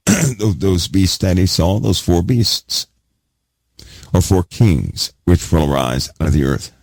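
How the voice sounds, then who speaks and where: A male preacher teaching from scripture, his low voice gravelly and a little husky. He leans on the same words again and again and throws questions at the room, his pitch swinging widely. The sound is dry and close. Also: animated, slow, a little mellow, no echo. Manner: emphatic, repeats key words, asks the audience questions. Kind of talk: sermon teaching.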